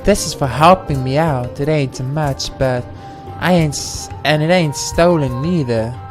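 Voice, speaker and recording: A man's voice: on the high side, a little slow, soft background music, close to an everyday voice. Man doing a folksy Southern thief lady. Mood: humble. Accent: put-on Southern US. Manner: folksy, drawling dialect. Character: reformed female thief, humble and lovelorn.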